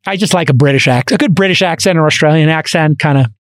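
A man hosting a podcast, chatting casually and telling stories with quick asides and restarts, into a studio microphone. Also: on the high side, no echo. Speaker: podcast host.

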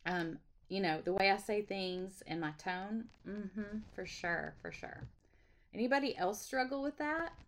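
A woman's voice: mid-range voice, measured pace, a little hiss or hum. A middle-aged woman, hosting a casual devotional livestream in a chatty, folksy way with frequent laughs. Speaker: devotional host. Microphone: webcam or phone livestream.

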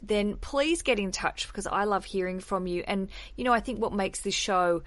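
A woman's voice: medium pitch, moderate pace, fairly bright tone, dry recording. A woman hosting a podcast, chatting candidly and swearing casually. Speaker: podcast host.

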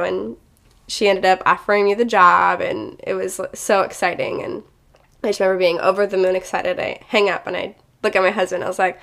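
A young woman, a teacher, casually telling viewers a personal story in a chatty, animated way. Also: medium pitch, normal speed, gravelly.

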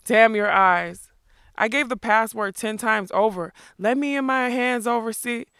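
Woman doing a loud, gravelly storybook giant; blustering outlaw, dry close sound. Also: a little high, animated, a little slow, dry recording, exaggerated voice. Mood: exasperated. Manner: blustering, shouting. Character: gruff bellowing male outlaw giant.

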